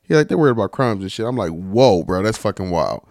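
A young man from California casually telling a story, animated and laughing, heavy on slang and swearing. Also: fairly low pitch, fast, creaky. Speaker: vlogger.

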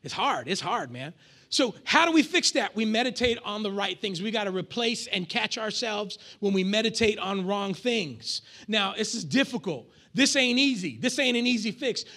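A male pastor with a high voice preaches a lively sermon to his congregation, using call-and-response and acted asides.

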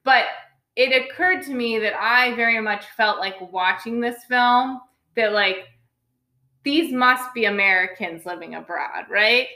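Chatty woman with a bright voice. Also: on the high side, a little slow, echoey room. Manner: rambling, many likes and restarts. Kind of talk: casual film review chat.

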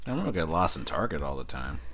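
A woman's voice: very deep voice, big pitch swings, rapid-fire, fairly bright tone. A woman co-hosting a casual chat, playful and teasing. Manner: playful, teasing jokes, laughs often. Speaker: podcast co-host.

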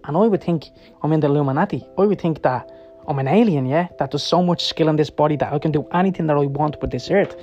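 Middle-aged man, rough-edged storyteller, raised pitch, rapid rambling delivery, faint music bed. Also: lo-fi sound. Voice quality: heavy swearing, blunt and emphatic. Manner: rapid, rambling, seeks agreement with "right?" and "yeah?". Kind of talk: personal storytelling monologue.

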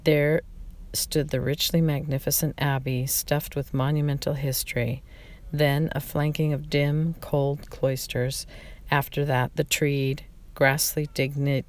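A narrator reading a memoir aloud in a slow, reflective way, often stumbling and restarting words. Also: mid-range voice, flat delivery.

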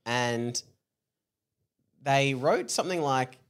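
A man's voice: medium pitch, takes it slowly, smooth. A man co-hosting a comedy podcast, chatting casually with jokey asides. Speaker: podcast co-host. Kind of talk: casual comedy chat, reading a parody novel aloud.

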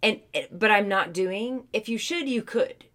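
A woman's voice: mid-range voice, measured pace, a bit bright. A woman co-hosting a casual podcast, giving an upbeat, encouraging sign-off. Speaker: podcast co-host.

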